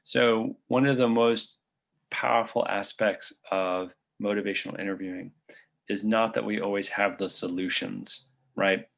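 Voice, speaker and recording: A man with a low, gravelly voice answers audience questions after a medical webinar. He speaks in a relaxed, conversational way, thinking aloud and leaning on fillers as he explains. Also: unhurried. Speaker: physician presenter.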